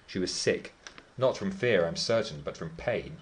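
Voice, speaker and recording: A man's voice: low-pitched, lively intonation, moderate pace, slight background noise. A man reading the part of Heathcliff, a brooding, defiant teenage boy, telling his tale with scorn and vehemence. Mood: scornful.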